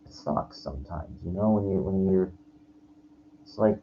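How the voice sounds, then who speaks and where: Profane, low-voiced man ranting. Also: moderate pace, gravelly, mellow. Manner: profane, rambling, with many restarts. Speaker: vlogger. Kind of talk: frustrated personal rant to camera. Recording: lo-fi with faint background noise.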